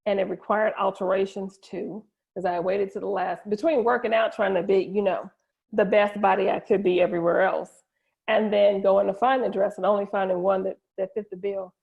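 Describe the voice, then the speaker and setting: A woman's voice: medium pitch, steady tone, normal speed, gravelly. A middle-aged woman, a guest in an interview, candidly sharing an emotional personal story with frequent restarts. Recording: dull lo-fi audio.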